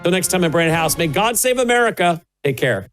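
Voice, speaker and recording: A male talk show host with a slightly high voice, wrapping up his broadcast. He chats loosely and coos at a dog in the studio, over faint music in the background. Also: big pitch swings, fast, poor audio. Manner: chatty, talks baby talk to studio dog.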